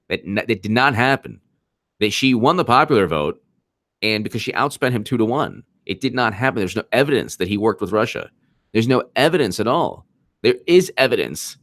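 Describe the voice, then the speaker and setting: A man's voice: fairly low pitch, a bit bright, dry recording. A man hosting a casual political commentary livestream, rambling, mocking, and reading out chat. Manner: laughs while reading chat. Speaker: livestream host.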